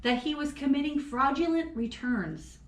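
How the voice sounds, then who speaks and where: A woman from Florida co-hosting a casual true-crime podcast, swearing freely and laughing through animated storytelling. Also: sits high, normal speed, echoey room. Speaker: podcast co-host.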